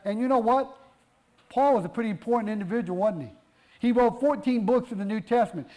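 A man's voice: very high-pitched, darkish tone, low-quality recording. A man preaching a sermon, pressing his point with rhetorical questions and emphatic repetition.

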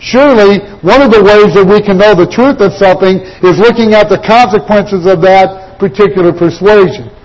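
A man preaching a sermon, emphatic, who speaks to his listeners as ladies and gentlemen and asks and answers his own questions. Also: high voice, moderate pace, few pauses, rough recording. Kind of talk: sermon with chart.

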